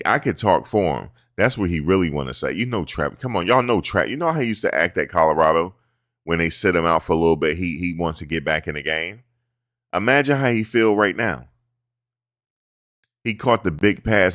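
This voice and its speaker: A man hosting casual sports talk, animated and profane, who mimics players' bland interview answers. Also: sits low, no room sound, studio quality. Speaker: sports commentary host.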